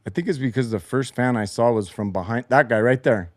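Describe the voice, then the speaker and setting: A man's voice: medium pitch, brisk, no echo, studio quality. A man hosting a post-game show, breaking down replays with frustrated, sarcastic and heavily profane commentary from his basement. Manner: frustrated, sarcastic, swears a lot. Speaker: show host. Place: home basement.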